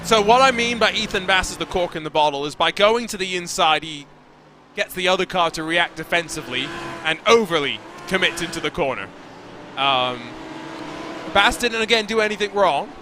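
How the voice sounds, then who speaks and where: A man's voice: high voice, normal speed. A man commentating a sim racing broadcast, joking with his co-host as he calls the action. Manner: lively, joking banter with co-host. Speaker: race commentator. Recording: background race car noise.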